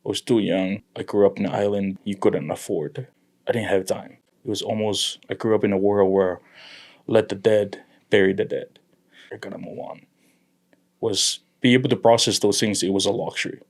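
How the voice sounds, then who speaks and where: A young man from Tonga talking earnestly about his family in a conversation, with halting restarts. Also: on the low side, fairly even intonation. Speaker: guest. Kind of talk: emotional personal conversation.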